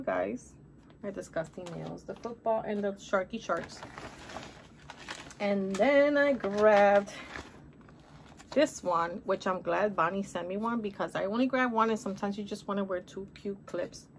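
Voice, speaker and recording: A woman's voice: medium pitch, a little hiss or hum. Gushing, chatty woman showing off finds. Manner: talks straight to viewers, calling them guys and honey. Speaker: haul vlogger. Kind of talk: casual shopping haul chat.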